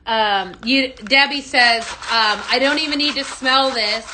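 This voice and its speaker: Against background noise, a woman from Texas speaks a little slowly in a fairly high voice with a Texan accent. Hosting a casual live stream on her phone while mixing fragrances, she's chatty and bubbly, greeting viewers by name and laughing often.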